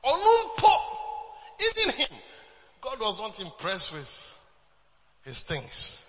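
A man's voice: high voice, huge pitch swings, slow pace, bright, forceful tone, in a large hall, muffled recording, slight background noise. A man preaching a sermon as pastor, emphatic, with repeated refrains and bursts of laughter.

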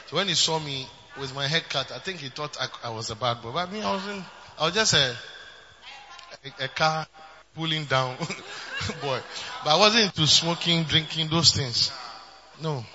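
A man preaching a sermon, moving between loud shouting and quieter storytelling. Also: a little high, moderate pace, big-room sound. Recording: dull lo-fi recording.

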